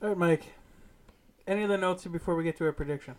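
A man with a slightly high voice co-hosts a casual sports talk show. He is blunt and teasing, and he hammers his points home with emphasis. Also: quick pace. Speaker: podcast co-host.

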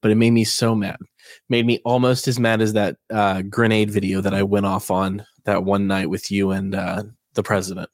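A man co-hosting a casual podcast, telling stories with animated indignation. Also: lowish voice, moderate pace, no room sound. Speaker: co-host.

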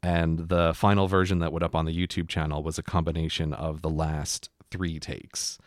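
A man's voice: very deep voice, flat delivery, normal speed, no echo, studio quality. A man co-hosting a podcast, chatting casually and reflectively, with lots of "like" fillers. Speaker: podcast co-host. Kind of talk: casual chat.

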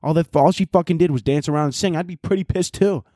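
A man's voice: fairly high pitch, fast talker, warm tone, dry recording, studio quality. A young man hosting his own podcast, rambling in a profane, self-mocking comic rant. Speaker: podcast host. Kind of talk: solo comedic podcast rant.

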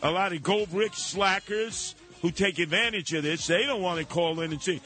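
A man's voice: high-pitched, expressive, normal speed, few pauses, bright, forceful tone, faint music behind. A man hosting a call-in radio show, ranting with sarcastic rhetorical questions and acting out the people he mocks. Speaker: radio talk show host. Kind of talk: call-in talk radio monologue.

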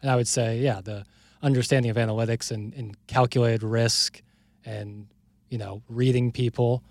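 A man's voice: medium pitch, fairly even intonation, normal speed, vocal fry, darkish tone, dry recording. A man co-hosting a podcast, agreeable and chiming in briefly in casual chat. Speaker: podcast co-host.

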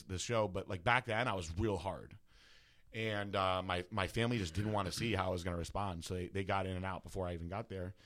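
Male guest, deep voice, candid profane personal story. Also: fairly bright tone. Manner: casual, profane, heavy use of filler words. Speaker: guest bodybuilder.

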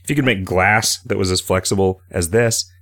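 A man with a low, deep voice chats loosely on a podcast, wandering through ideas and reading listener questions aloud. The sound is close and dry, with no room around it. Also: moderate pace, a bit bright, no room sound. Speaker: podcast host and game developer. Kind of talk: casual podcast chat.

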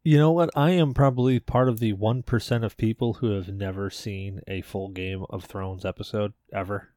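A man's voice: fairly low pitch, steady tone, moderate pace, warm tone, no echo, clean studio sound. A man hosting a podcast in casual chat, a bit tipsy from beer and joking loosely at his own expense. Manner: loose, self-mocking joking.

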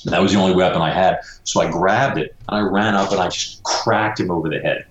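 A man's voice: deep voice, fairly even intonation, fast, echoey room, lo-fi sound. A man who is an author, telling a story animatedly in a conversational interview and saying "you know" often. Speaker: author guest.

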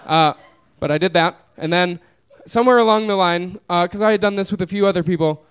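A young man tells a long story on stage, relaxed and amused, and laughs often as he goes. His voice sits a little high for a man and comes across smooth and clear. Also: a little fast. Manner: laid-back, amused, laughs through his own story. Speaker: comedian telling a story on stage. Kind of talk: live storytelling. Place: small live venue.

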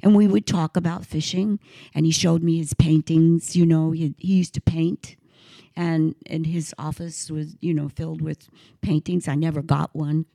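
A woman guest on an interview spinning animated stories, her low voice full of gravel and fry. She stops and restarts mid-sentence as she searches for words, and the sound is dry and close. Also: no room sound. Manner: animated anecdotes, halting restarts. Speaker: guest singer. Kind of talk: casual interview storytelling.

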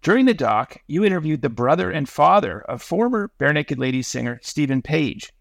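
Gravelly-voiced male interview host. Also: fairly high pitch, big pitch swings, a little fast, no room sound, clean studio sound. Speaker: podcast host. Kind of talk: interview questions.

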